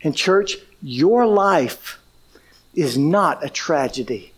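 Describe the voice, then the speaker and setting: A man preaching a sermon, telling a story with lively delivery and acting out quoted lines. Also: a little high, slow, slightly rough. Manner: animated, acts out quoted speech. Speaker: pastor.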